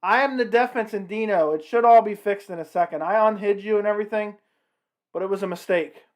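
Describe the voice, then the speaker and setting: Hosting a casual stream, a man whose voice sits high talks fairly quickly. He's chatty as he comments on a fight and responds to his viewers in the chat.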